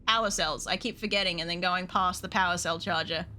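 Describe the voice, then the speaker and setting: A woman's voice: fairly low pitch, a little fast, sharp tone, slight background noise. A woman streaming a video game, chatting casually with viewers, swearing freely and laughing often. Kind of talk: casual gameplay stream chat.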